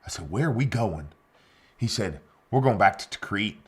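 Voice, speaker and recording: A man giving a keynote speech as a dramatic story, acting out the dialogue and swinging between loud emphasis and hushed lines. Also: on the low side, lively intonation, normal speed, husky. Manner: acts out quoted dialogue. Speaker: keynote speaker.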